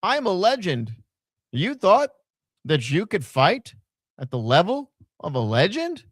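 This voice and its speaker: A man putting on a mocking falsetto impression of a boastful veteran woman wrestler, sneering and taunting. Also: wildly swooping pitch, a little slow, dry recording, studio quality, full character voice.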